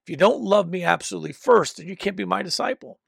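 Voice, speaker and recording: A man's voice: high voice, quick pace, creaky, breathy edge, dry recording, studio quality. A man preaching a teaching sermon, emphatic, often repeating and restarting phrases as he works through a point. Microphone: microphone.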